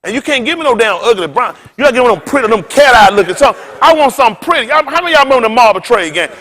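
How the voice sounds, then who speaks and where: A man's voice: very high voice, lively intonation, rapid-fire, a bit bright. A male pastor preaching an informal sermon, folksy and colloquial, telling stories and quizzing the congregation.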